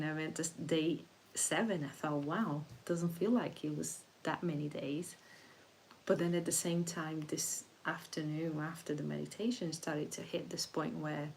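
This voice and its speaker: A woman hosting a spiritual livestream, talking in a soft, meandering way with frequent restarts. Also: deep voice, a little hiss or hum, rough recording. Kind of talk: casual reflective livestream talk.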